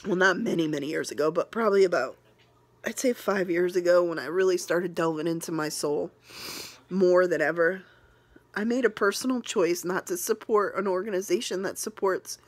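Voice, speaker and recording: A woman's voice: medium pitch, no room sound. A woman vlogger from New England speaks straight to her viewers, close to tears. Her talk is earnest and rambling, full of restarts and heartfelt asides. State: emotional, near tears. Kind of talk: emotional personal vlog.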